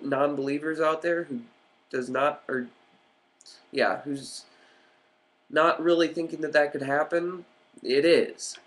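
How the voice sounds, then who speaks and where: A man's voice: medium pitch, fairly bright tone. A man ranting on a vlog in an agitated, profane, rambling way with many fillers. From United States. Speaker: vlogger.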